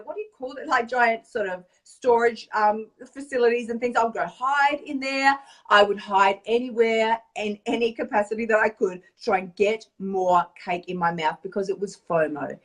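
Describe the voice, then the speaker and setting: Chatty animated woman coach. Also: a little high, distant mic. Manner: animated, chatty storyteller, tag questions. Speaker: weight-loss coach. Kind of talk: casual vlog monologue.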